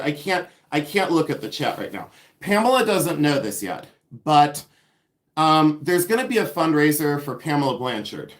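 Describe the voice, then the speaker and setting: A man with a slightly raised voice hosts a casual livestream from home. He talks in a chatty, sassy way and pokes fun at himself as he goes. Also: fairly high pitch. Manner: sassy, chatty, self-mocking humor. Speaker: live-stream jewelry reseller host.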